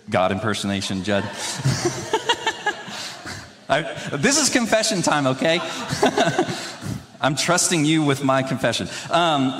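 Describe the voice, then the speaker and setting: A man's voice: medium pitch, a bit bright. A young man preaching in a loose, conversational way, rambling with restarts and laughing at himself. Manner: rambling, self-deprecating, laughs often. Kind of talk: conversational sermon. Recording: long hall reverb.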